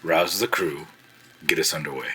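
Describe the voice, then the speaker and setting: A man's voice: extremely low pitch, normal speed, sharp tone, slightly rough, full character voice, rough recording. A man voicing a disguised male ship captain who gives curt commands. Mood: bossy.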